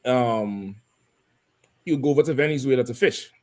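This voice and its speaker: A man's voice: mid-range voice, moderate pace, darkish tone. A man hosting a live talk show in loose, casual chat, laughing often and swearing freely. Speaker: host.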